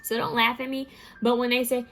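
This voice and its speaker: Just-woken woman giving a relaxed tarot reading. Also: a little high, brisk, soft background music. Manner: relaxed, musing, talks to viewers directly. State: just woke up. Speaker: tarot reader. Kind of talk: pick-a-card reading.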